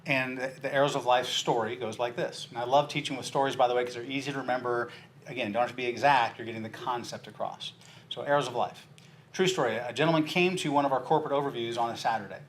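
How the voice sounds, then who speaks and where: A man giving a sales training talk, telling a story and acting out its characters' lines with lively shifts in his voice. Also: medium pitch, fast, slight background noise. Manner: animated storyteller, acts out dialogue with big jumps in voice.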